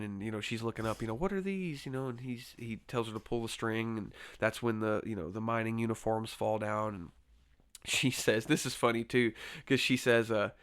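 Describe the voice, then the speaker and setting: A man's voice: medium pitch, fairly bright tone, clear, resonant tone. A man casually reviewing a horror film, rambling with lots of fillers and restarts and laughing easily. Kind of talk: casual spoken movie review.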